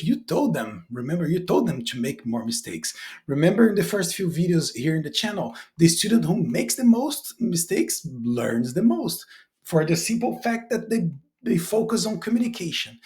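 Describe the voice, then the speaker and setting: Animated, lively-pitched male teacher. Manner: animated, chatty, with playful demonstrations. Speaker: English teacher trainer. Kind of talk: casual video lesson to teachers.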